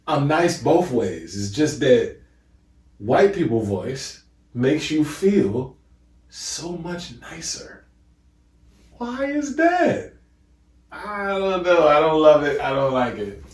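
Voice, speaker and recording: A man hosting a podcast in casual, animated commentary, mocking and acting out voices. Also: a little high, takes it slowly, pauses often, roomy sound. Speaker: podcast host.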